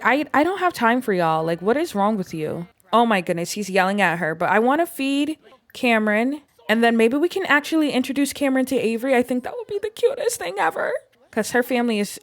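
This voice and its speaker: A woman's voice: mid-range voice, animated, fast talker, no echo. A young woman giving casual gameplay commentary, chatting in a filler-heavy way and voicing what the game characters might be thinking. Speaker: gaming YouTuber.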